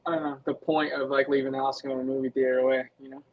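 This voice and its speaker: A man's voice: mid-range voice, little pitch movement, very fast, phone-quality sound. A young man, a guest on a podcast, talking in a laid-back, casual way full of "like" and "dude". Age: young adult. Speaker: guest motocross rider. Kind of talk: casual interview chat.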